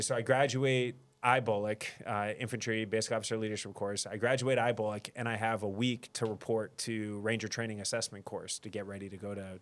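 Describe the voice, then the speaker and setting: A man in his thirties, a mayor sitting as a guest, tells a personal story in a loose, conversational way. He pokes fun at himself and laughs easily. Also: fairly low pitch. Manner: self-deprecating, laughs often. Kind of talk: casual interview storytelling.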